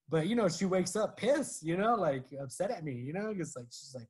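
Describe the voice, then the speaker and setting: A man's voice: high-pitched, very animated, normal speed. Rambling man telling a story casually. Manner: rambling storyteller, lots of "like" and "you know". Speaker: podcast co-host. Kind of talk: casual chat.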